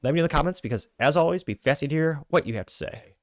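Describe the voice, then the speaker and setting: A man's voice: fairly high pitch, lively intonation, rapid-fire, dry recording, clean studio sound. A man hosting a show, reading viewer comments aloud with wry asides in between. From United States. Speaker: show host.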